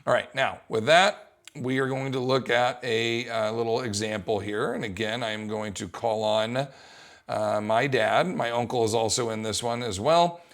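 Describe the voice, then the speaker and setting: A young adult man coaching fitness, explaining an exercise test in a casual, lively way. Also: medium pitch, normal speed. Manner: casual, animated, acts out coaching calls. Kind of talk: instructional talk.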